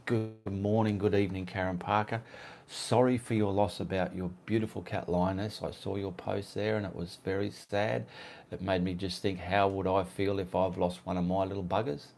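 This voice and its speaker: A man's voice: low voice, little pitch movement, normal speed, vocal fry, darkish tone, slight background noise. A man with an Australian accent hosting a casual live art stream at home, chatting and answering viewers' comments. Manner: chatty, reads out viewer comments, easily sidetracked.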